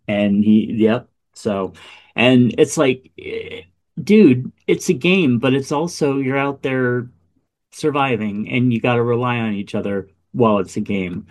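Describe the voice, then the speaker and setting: A man's voice: medium pitch, unhurried. Exasperated man in casual chat. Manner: animated, exasperated, swears freely.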